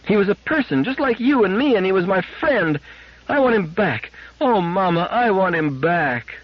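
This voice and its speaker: A tearful little girl wails and pleads in a high, straining voice that leaps around wildly, as a man reads her in a storybook reading. The sound is dull and lo-fi. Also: animated, normal speed, husky, dry recording. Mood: wailing.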